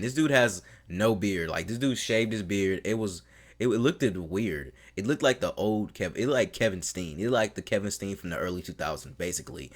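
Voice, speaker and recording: A man reviewing a wrestling show in casual talk, rambling like an excited fan with lots of fillers. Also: low voice. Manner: mimics the people he quotes in a raised voice.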